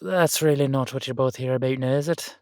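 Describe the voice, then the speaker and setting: A man's voice: mid-range voice, steady tone, fairly quick, darkish tone, smooth, no echo, clean studio sound, natural voice. A man voicing a wary older Irish uncle, a retired safecracker, with a sly, teasing drawl. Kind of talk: audio drama acting.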